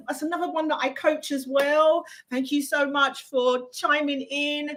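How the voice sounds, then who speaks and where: A woman's voice: high-pitched, steady tone, unhurried, few pauses, fairly bright tone, a little hiss or hum. A woman with an English accent, from the UK, hosting an unscripted live Q&A in a chatty, rambling way and reading viewer comments aloud. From United Kingdom. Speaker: live-stream host.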